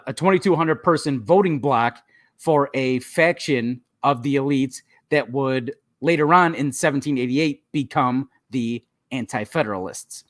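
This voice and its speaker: A man co-hosting a casual history podcast, relaxed and chatty, laughing often and pausing with ums. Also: on the high side, no room sound, studio quality. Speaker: podcast co-host.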